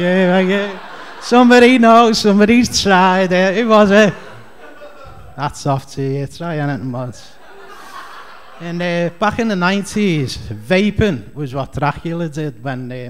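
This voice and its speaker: A man's voice: fairly high pitch, lively intonation, a little slow. A man with a Scouse accent doing a rambling, chatty stand-up comedy set on a club stage. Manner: rambling, chatty, heavy on fillers.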